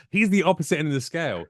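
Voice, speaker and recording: A UK comedian appearing as a guest tells jokey stories in a casual chat, animatedly acting out the voices of the people in them. His voice is a little high, recorded in a clean studio with no echo.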